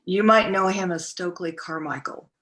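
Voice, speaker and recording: A middle-aged woman recounting a personal story as a podcast guest, speaking haltingly with many fillers and restarts. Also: fairly low pitch, a bit bright.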